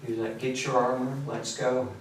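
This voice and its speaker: A man in his late teens, tired and worn out, recounting events in a halting, rambling way while being questioned by police. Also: medium pitch, little pitch movement, slight background noise. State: exhausted. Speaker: suspect under questioning. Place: police interrogation room. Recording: echoey room, mic far off.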